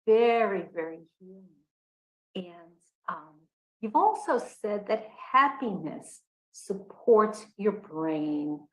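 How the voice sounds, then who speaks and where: Slow-spoken woman podcast host. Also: mid-range voice, big pitch swings. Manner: warm encouraging affirmations. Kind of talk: interview. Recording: roomy echo.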